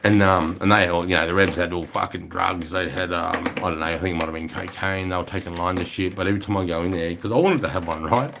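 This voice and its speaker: Deep-voiced swearing Australian man. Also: fairly even intonation, fast, creaky, few pauses, background noise. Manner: profane, rambling, swears constantly. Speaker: livestreamer. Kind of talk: casual storytelling to a live chat.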